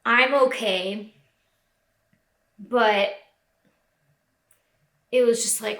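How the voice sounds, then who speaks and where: A woman's voice: mid-range voice, steady tone, very slow, pauses often, fairly bright tone. A young woman crying as she talks through a personal vlog, with lots of "like" fillers. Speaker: vlogger. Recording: echoey room.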